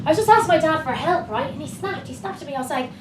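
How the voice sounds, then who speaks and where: A woman's voice: sits high, expressive, very fast, slight background noise. A young Irish woman with a Dublin accent doing a chatty stand-up set, laughing at her own jokes on a club stage. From Ireland. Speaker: stand-up comedian. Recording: echoey club from far off. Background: loud laughing crowd.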